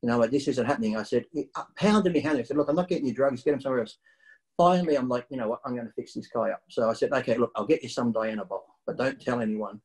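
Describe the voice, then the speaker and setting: A man's voice: mid-range voice, fast, poor audio. A middle-aged man telling a story in casual conversation, blunt and swearing freely as he recounts it. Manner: blunt, profane, animated storyteller. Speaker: guest bodybuilder.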